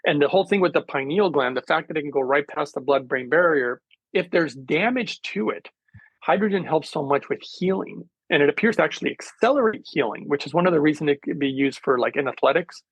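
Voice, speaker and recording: A man's voice: fairly high pitch, expressive, brisk, slightly rough, no echo, rough recording. A man speaking as a guest in a casual interview, earnest and rambling, with many fillers. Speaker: guest, hydrogen therapy specialist.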